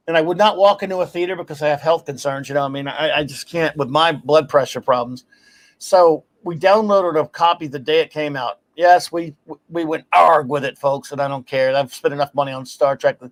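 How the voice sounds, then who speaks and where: A man hosting a casual talk show, telling stories in an animated, ranting way and laughing as he goes. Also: a little high. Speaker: podcast host. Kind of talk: casual chat.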